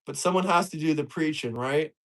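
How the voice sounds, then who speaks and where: A man's voice: on the high side, fairly quick, poor audio. A man from Florida with a Southern accent hosts a live stream, answering viewer comments in a blunt, heated, profane way and repeating words when he stumbles. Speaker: livestream host.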